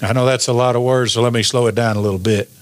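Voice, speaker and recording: A man delivers a sermon at a mid pitch. He works his congregation with call-and-response and draws his important lines out slowly. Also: fairly even intonation, dry recording. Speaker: pastor.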